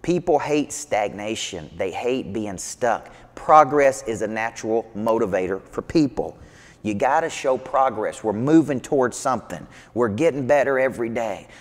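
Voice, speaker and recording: Male business coach, mid-pitch, punchy motivational delivery, long hall reverb. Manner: emphatic, repetitive, energetic preaching cadence. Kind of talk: motivational talk.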